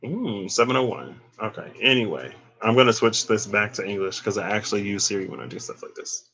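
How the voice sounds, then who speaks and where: A man's voice: fairly low pitch, lively intonation, a little fast, a bit bright. A man giving a casual, rambling tarot card reading, curious and chatty, wandering off on tangents. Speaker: tarot reader.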